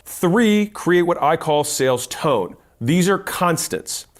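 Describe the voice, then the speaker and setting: A man giving a fast-paced, punchy talk to camera, teaching how to sell. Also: a little high, animated. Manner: fast-talking, punchy and emphatic. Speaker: sales educator.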